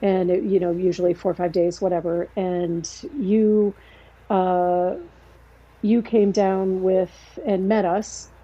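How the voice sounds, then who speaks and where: Mellow, husky-voiced woman telling a story. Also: on the low side, little pitch movement, muffled recording. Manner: rambling, halting, acts out quoted dialogue. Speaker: podcast guest, sister. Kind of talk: casual conversational storytelling.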